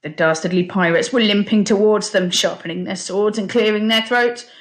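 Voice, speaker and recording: Slow, expressive storytelling with a lively pitch: that's how this woman, a primary school teacher, reads a children's picture book aloud.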